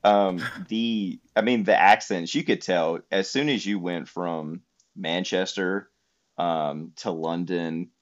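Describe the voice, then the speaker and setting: A man's voice: sits low, slow, dull audio. A man telling a trip story in casual conversation, rambling with many fillers. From United States.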